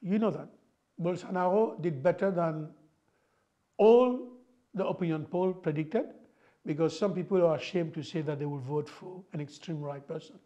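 An older man from Mauritius speaks as an interview guest. He talks in a fairly high voice for a man, emphatic and explanatory, and keeps tossing in "you know". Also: moderate pace, warm tone, muffled recording. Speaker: guest, former finance minister.

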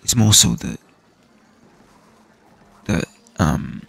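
A man's voice: on the low side, lively intonation, drawn-out words, gravelly, a bit bright, breathy edge. A young man from the UK ranting casually and swearing while playing a game, with frequent restarts. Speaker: gaming streamer. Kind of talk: casual rant while gaming.

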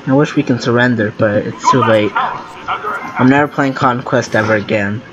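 Heard through a muffled recording with loud noise underneath, this man speaks at medium pitch and a moderate pace. He's a gaming video creator commentating live on his play, thinking out loud, flustering easily, and letting out exclamations and groans.

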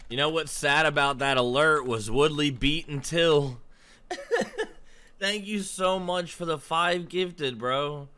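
A young male streamer speaking in an easygoing, thankful way with casual slang. His voice is bright and clean. The tone is relaxed and friendly. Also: a little high, a little slow, few pauses, clean tone. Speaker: streamer receiving gifts. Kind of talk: casual live-stream chat.

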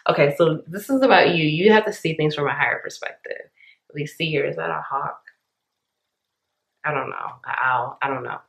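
A woman's voice: low-pitched, fairly quick, gravelly, reverberant, background noise. A woman giving a casual channeled tarot reading, talking intensely and emphatically, with many restarts and fillers. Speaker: tarot reader.

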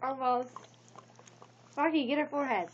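A woman's voice: sits high, normal speed, breathy edge. A young woman filming a dare with her friend, teasing in casual chat. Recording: dull lo-fi home video.

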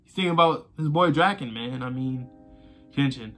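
A man's voice: mid-range voice, moderate pace, fairly bright tone, faint music behind. A man casually talking through his reaction to a manga, rambling and conversational, swearing freely and filling gaps with "you know" and "like.". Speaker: manga reaction channel host.

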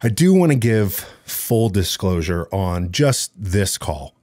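A man's voice: low-pitched, sing-song, slow pace, warm tone, dry recording, clean studio sound. A man hosting a podcast in casual, rambling chat, cracking jokes and slipping into mock accents. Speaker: podcast host.

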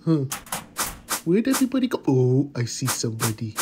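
A man voicing a cheerful, eager pitbull puppy, commenting on gameplay with excitable gasps and goofy puns. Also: medium pitch, normal speed, over music, close to an everyday voice. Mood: excited. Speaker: game commentator.

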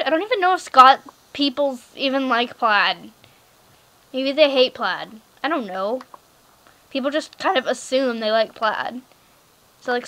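A woman's voice: high voice, pushed and bright, a little hiss or hum, low-quality recording. A teenage girl chatting casually while playing a pet game, rambling with lots of fillers and "like". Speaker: gaming vlogger. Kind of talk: casual screen-recorded game chat.

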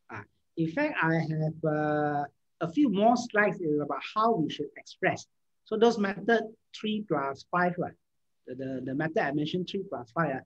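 Husky-voiced man lecturing. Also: fairly high pitch. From Malaysia. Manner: hesitant, many fillers and restarts. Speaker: speaker answering audience questions. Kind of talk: informal lecture. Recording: dull, lo-fi sound.

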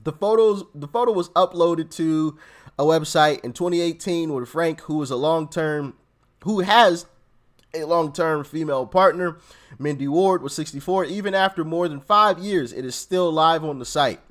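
A man's voice: on the high side, normal speed, fairly bright tone. A man hosting a casual commentary video, reading news stories aloud and reacting to them, laughing often and stumbling over his words as he talks straight to his viewers. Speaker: commentary channel host.

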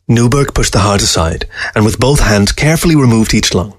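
A man reading a story aloud as narrator, calm and even. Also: on the low side, brisk, no echo, studio quality. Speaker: story reader. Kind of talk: audiobook narration.

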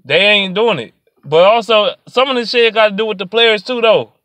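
A high, bright-voiced man rants angrily about sports, cursing freely and lurching from low mutters to loud outbursts. The sound is close and dry, with no room around it. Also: moderate pace, dry recording. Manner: angry, profane, swings from muttering to shouting. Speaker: sports vlogger. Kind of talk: profane sports rant.

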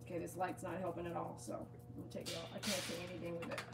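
A woman's voice: lowish voice, completely flat delivery, racing, creaky, loud music behind the voice. A woman dog groomer talking outdoors on a live-streamed grooming demonstration, chatty, coaxing and reassuring.

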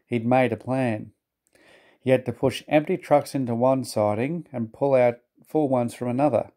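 Mellow man reading a children's story. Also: medium pitch. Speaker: narrator.

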